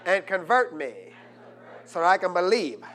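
A man pastor preaching a sermon and drawing answers from the congregation, swinging from quiet asides to loud, fervent peaks. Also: sits high, sing-song, a little slow. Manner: rises to loud preaching, asks congregation "what?". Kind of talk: call-and-response sermon.

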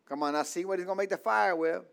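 High-voiced preacher, call-and-response. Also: male voice, fast, gravelly, smooth. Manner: asks the congregation to fill in words, repeats lines. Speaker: pastor.

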